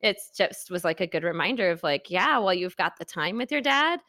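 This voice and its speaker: An American woman in her thirties co-hosts a podcast, chatting casually and telling animated stories while laughing often. Her voice is on the low side and fairly quick, captured in a dry, clean studio recording.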